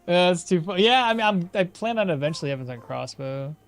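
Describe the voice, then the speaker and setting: A man's voice: sits high, animated, a little fast, smooth. A man streaming a game, chatting with his viewers, thinking aloud and laughing often. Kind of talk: casual live-stream commentary.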